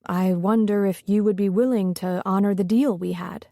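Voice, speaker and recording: A man's voice: high voice, fairly even intonation, normal speed, creaky, mellow, no echo, studio quality. A woman voicing a polite male business caller with a courteous, formal manner.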